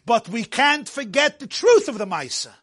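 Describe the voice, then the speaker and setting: A man teaching a Torah class, animated and joking, mixing Yiddish and Hebrew words into his English while telling stories. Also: extremely high pitch, moderate pace, slightly rough. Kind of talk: lecture with storytelling.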